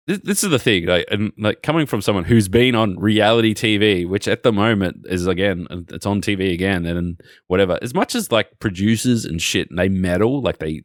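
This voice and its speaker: A man's voice: deep voice, no room sound, studio quality. An Australian man co-hosting a podcast, telling rambling, sweary stories in a casual chat. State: recently sick. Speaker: podcast co-host.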